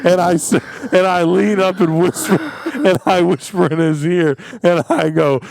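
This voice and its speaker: Young male co-host, slow gravelly delivery, absurd comic riffs. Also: high-pitched, steady tone, a crowd in the background. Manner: riffing absurd bits, laughing often. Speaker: podcast co-host. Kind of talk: casual comedic chat.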